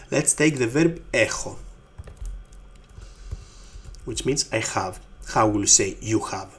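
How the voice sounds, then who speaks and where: Man, Greek accent, language teacher, slow and deliberate, fairly low voice. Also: expressive, a bit bright. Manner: patient, repeats each form slowly. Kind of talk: slow explanatory lesson.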